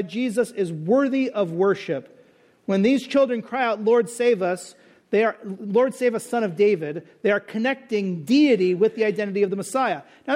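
Animated high-voiced male preacher. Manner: animated, conversational, rhetorical questions. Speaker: pastor. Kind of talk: expository sermon.

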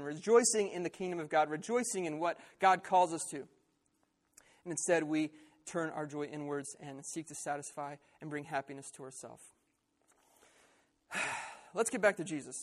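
A man preaching a sermon in an earnest, conversational way. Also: on the high side.

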